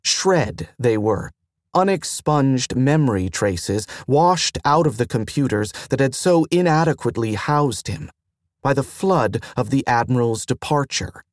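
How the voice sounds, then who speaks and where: Slow, measured male audiobook narrator. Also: medium pitch, dry recording, studio quality. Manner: measured, even reading. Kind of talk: scripted narration.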